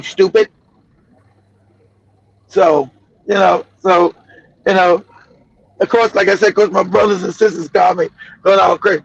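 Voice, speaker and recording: High, gravelly man ranting profanely. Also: no echo, dull audio. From Los Angeles. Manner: loud, profane, laughing often. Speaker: livestream host. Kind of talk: profane storytelling rant.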